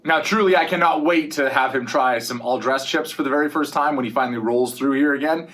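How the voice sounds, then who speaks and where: A man's voice: medium pitch, brisk, fairly bright tone. A man hosting a music news segment, upbeat and presenter-like as he sets up the clip and signs off. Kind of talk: scripted entertainment news segment.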